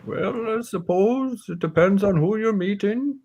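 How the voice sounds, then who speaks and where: A man voicing a gruff, blunt old female warrior who speaks slowly and haltingly. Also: high voice, a little mellow, dull audio, voice pushed up, heavily acted. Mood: hesitant.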